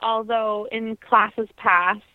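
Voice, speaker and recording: A young woman, a trained singer, reflecting earnestly in an interview, pausing often with ums and restarts. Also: fairly high pitch, steady tone, dry recording. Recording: dry, tinny phone-like line.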